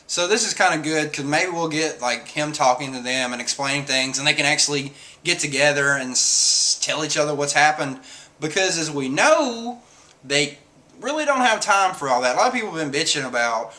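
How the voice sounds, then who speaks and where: A man's voice: mid-range voice, moderate pace, bright, forceful tone. A man, casually reviewing a comic chapter in a rambling, filler-heavy way. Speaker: manga reviewer.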